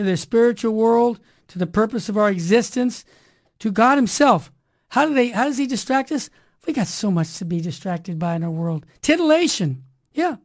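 A woman hosting a Catholic radio talk show, speaking in an energetic, preachy way and repeating rhyming slogans. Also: fairly high pitch.

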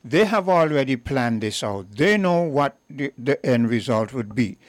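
A man hosting a call-in radio talk show, speaking deliberately and stressing key words. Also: medium pitch, animated, dry recording.

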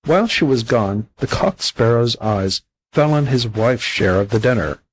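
A man with a husky, slightly breathy voice narrates an old animal fable for a volunteer audiobook. His reading is plain and steady, at an ordinary middle pitch. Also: moderate pace, poor audio. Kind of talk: storybook narration.

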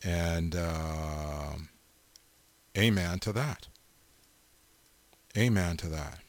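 Speaking very slowly in a low voice, a middle-aged radio host works through casual listener shout-outs right up on the mic. Fillers and repeated amens run throughout, and the recording has no room sound.

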